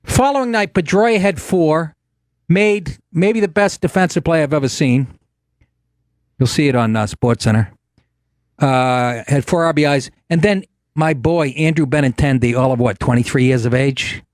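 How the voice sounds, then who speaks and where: A man's voice: fairly high pitch, moderate pace, dry recording, clean studio sound. Profane, sarcastic male talk host. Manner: takes on voices for quotes. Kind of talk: casual comedic monologue.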